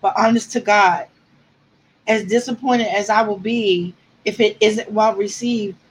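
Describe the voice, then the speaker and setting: A woman with a somewhat husky voice and mid-range pitch talks casually to a livestream audience. She answers viewer comments in a chatty, emotional way. At moments she sounds close to tears. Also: steady tone, measured pace, poor audio.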